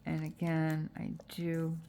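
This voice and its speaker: A woman's voice: low voice, completely flat delivery, takes it slowly, gravelly, mellow, slight background noise. A woman with a stuffy, congested voice from allergies, chatting casually through a crafting tutorial with frequent fillers. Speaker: junk journal crafter.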